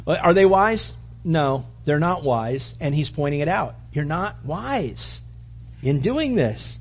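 A man preaching a sermon, telling animated stories with asides to the congregation. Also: on the high side, husky, lo-fi sound.

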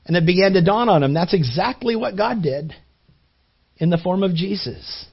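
A man's voice: high voice, animated, moderate pace, vocal fry, husky. A man preaching a sermon, telling a story in an earnest way and repeating words as he builds. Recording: dull lo-fi recording.

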